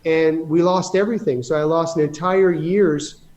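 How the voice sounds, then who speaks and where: Guy from canada telling long business stories, kinda high voice, rambly, keeps restarting. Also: steady tone, normal speed, a little mellow. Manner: rambling, many restarts, emphatic asides. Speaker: podcast guest, real estate investor. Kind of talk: casual storytelling in conversation.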